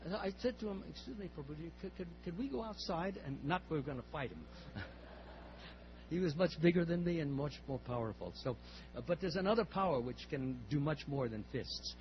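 A man's voice: fairly high pitch, animated, brisk. An older man speaking at a temple class, telling a story in a rambling way with repeated words and restarts. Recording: slightly muffled, faint hum.

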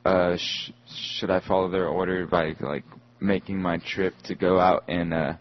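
Deep flat voice of a hesitant man. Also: measured pace. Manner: hesitant, searching for words. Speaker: audience questioner. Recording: distant, muffled audience pickup.

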